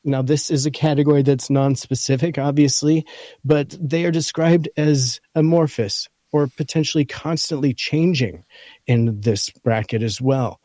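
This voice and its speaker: Male podcast co-host, scratchy and mellow, reads an article aloud point by point, dry close sound. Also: mid-range voice, fairly even intonation, normal speed, dry recording. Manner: talks through a list point by point. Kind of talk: casual chat, reading from an article.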